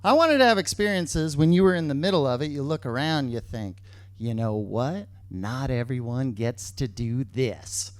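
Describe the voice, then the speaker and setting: Animated male storyteller, dry sound. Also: a little high, no room sound. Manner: animated, repeats lines for emphasis. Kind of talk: true-story stage storytelling.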